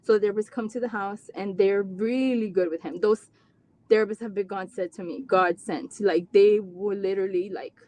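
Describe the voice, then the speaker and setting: A woman's voice: medium pitch, steady tone, normal speed, a little mellow. Chatty mother telling her story. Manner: chatty, acts out quoted dialogue, many fillers and restarts; earnest, close to tears at times. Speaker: autism mom guest. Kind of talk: personal story, casual talk.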